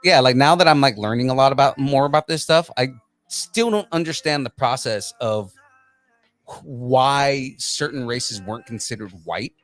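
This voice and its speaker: A man's voice: medium pitch, moderate pace, no room sound. A man co-hosting a podcast in casual chat, talking loosely with lots of fillers and jokes. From Central America. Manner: chatty, many fillers and restarts, joking. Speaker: podcast co-host.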